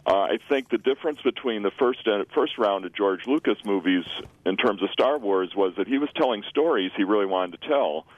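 A man's voice: fairly low pitch, animated, a little fast, few pauses, no room sound. A man in his sixties calling in to a radio show, talking at length and restarting his sentences often. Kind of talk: call-in radio comment. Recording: muffled dry radio audio.

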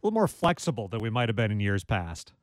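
A man's voice: on the low side, sing-song, quick pace, no echo. A man hosting an interview, asking probing questions in a conversational way. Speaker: radio interviewer.

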